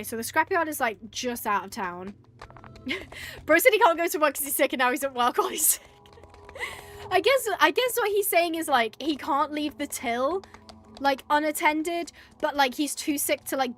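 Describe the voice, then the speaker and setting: British woman, gaming streamer, high bright voice, chatty and giggly. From United Kingdom. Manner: chatty and giggly, rambling with many fillers. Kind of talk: casual live gameplay commentary.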